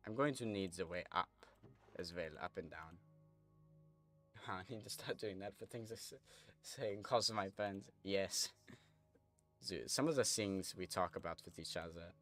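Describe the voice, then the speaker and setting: A young man with a very low voice talks through a gaming stream in a loose, rambling way. He chats with viewers as he plays, drifting between comments and what he is doing in the game. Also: a little slow, long pauses, fairly bright tone, soft background music. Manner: rambling, chatty, reads chat aloud while playing. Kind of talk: casual gameplay stream chatter.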